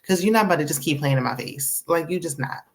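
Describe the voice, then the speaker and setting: A woman hosting a casual TV episode recap, sassy and animated, acting out the characters' lines. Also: low voice, fast. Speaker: TV recap host.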